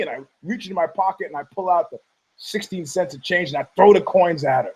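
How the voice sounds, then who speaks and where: Heated, high-voiced male podcast host. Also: fairly quick, darkish tone, husky, low-quality recording. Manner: profane, heated, repetitive restarts. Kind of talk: rambling combative commentary.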